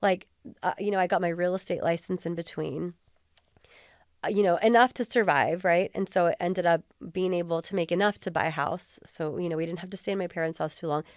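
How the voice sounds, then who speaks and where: Earnest woman, lowish voice, dry sound. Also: a little fast, darkish tone, no echo. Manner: earnest and heartfelt, filler-heavy. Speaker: podcast guest, former police officer. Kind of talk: candid interview conversation.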